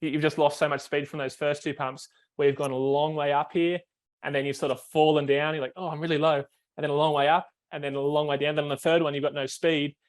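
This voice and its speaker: A man's voice: on the high side, flat delivery, quick pace. A man, a foiling coach, explains technique on a video call, step by step, with many fillers and restarts.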